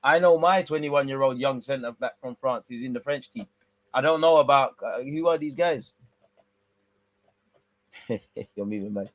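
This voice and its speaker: A man's voice: mid-range voice, a little slow, long pauses, no room sound. Slangy man calling a live match. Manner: slangy, excitable bursts over calm play-by-play. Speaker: watch-along host. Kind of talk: live football watch-along commentary with banter.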